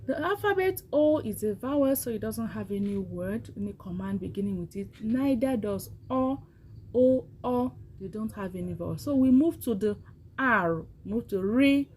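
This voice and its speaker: A woman's voice: fairly high pitch, expressive, normal speed, darkish tone, slight background noise. A woman teaching a language lesson, patiently repeating words for learners to say after her. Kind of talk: slow spoken language lesson.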